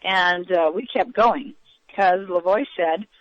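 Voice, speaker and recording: A woman recounting events as an interview guest, in a halting way with many fillers and restarts. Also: fairly low pitch, no echo. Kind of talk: eyewitness account in a radio interview. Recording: dull, lo-fi radio audio.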